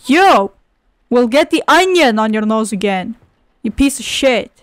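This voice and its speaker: A young woman with a high voice gives laid-back, sweary, sarcastic commentary while playing a game, often breaking into exclamations. She talks at an unhurried pace into a close mic, and the sound is dry and direct. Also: animated, no room sound. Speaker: gaming video host. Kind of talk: casual let's-play commentary.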